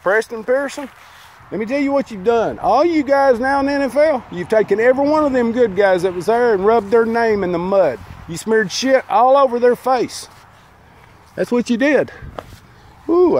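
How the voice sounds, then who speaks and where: A man's voice: high voice, a little mellow, slight background noise. A man, ranting bitterly outdoors, addressing his old team directly in a preachy, drawling way. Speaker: fan burning team memorabilia. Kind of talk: angry outdoor monologue to camera. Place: outdoors by a fire.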